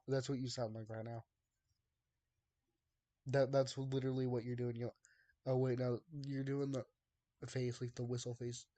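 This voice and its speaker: With a warm, medium-pitched voice, flat delivery and an unhurried pace full of long pauses, a young man chats casually on his live stream. He's drawling and exasperated, trading jokes with the chat and often laughing.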